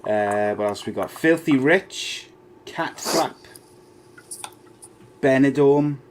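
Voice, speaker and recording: A man's voice: medium pitch, lively intonation, slow pace, background noise. A man hosting a casual podcast chat, teasing his co-host and reading out listener comments.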